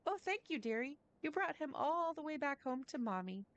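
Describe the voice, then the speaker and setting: A woman voicing a kindly, motherly older woman who speaks with fond, doting warmth. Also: high voice, very animated, moderate pace, highs cut off, voice pushed up.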